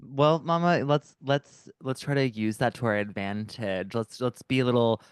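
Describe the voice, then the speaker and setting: Smooth-voiced man reacting and teasing. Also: medium pitch, no echo, clean studio sound. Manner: quick reactive interjections and teasing questions. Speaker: podcast co-host. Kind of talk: casual chat.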